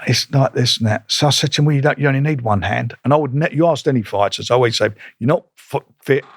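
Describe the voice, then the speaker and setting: A man's voice: mid-range voice, fast talker, dry recording. An older man, a boxing promoter telling blunt stories in a casual interview and acting out old conversations. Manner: blunt, animated, re-enacts conversations in quotes.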